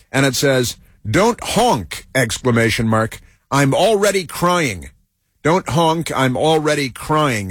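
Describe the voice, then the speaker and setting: A man hosting a talk radio show, telling a story in a sarcastic, deadpan way. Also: mid-range voice, slightly rough, dry recording, clean studio sound. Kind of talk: casual talk radio monologue.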